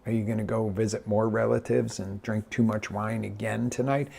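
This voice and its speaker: A man coaching live in an energetic, direct way, addressing his listeners with many quick restarts. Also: fairly low pitch, creaky, breathy edge. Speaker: life coach. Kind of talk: live motivational talk.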